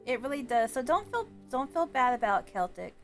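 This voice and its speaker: A woman's voice: fairly high pitch, very animated, a little fast, soft background music. A woman hosting a casual livestream interview, sappy and heartfelt, laughing often.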